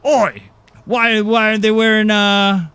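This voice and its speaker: A big macho rugby guy, as a man puts him on, loud and scoffing in a mock accent. He pitches his voice up high and swings it all over the place. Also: expressive, unhurried, smooth, no room sound, exaggerated voice. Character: big macho male New Zealand rugby fan.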